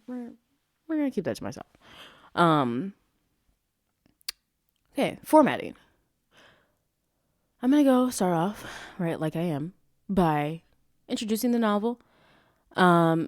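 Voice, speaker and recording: Young woman, podcast host, rambling book review, profane, lowish voice, dry close sound. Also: darkish tone, no echo. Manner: rambling, self-interrupting, profane. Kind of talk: casual book review monologue.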